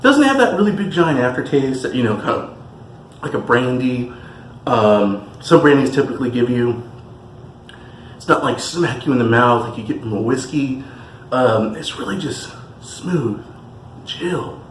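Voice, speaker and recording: A man's voice: medium pitch, expressive, unhurried, slight background noise. A man from California giving an enthusiastic, chatty tasting review as the host of his channel. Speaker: spirits reviewer. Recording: echoey room with faint music.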